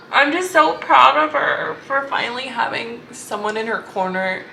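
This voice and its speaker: A woman's voice: a little high, lively intonation, normal speed, creaky, pushed and bright, slight background noise, rough recording. A young adult woman chatting casually in a reading vlog, gushing and rambling with lots of filler words. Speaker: book vlogger.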